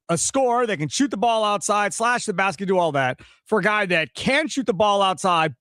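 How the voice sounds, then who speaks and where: A man hosting sports radio with a high voice that swings widely. He talks in an opinionated, animated way. The studio sound is dry and close. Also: dry recording. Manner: animated, opinionated, mimics people for effect. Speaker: radio show host.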